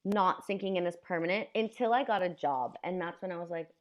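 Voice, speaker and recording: An American woman chatting as a podcast guest, telling stories in an animated way and acting out the exchanges she describes. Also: fairly low pitch, brisk. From United States. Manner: animated storyteller who acts out quoted exchanges. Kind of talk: casual chat.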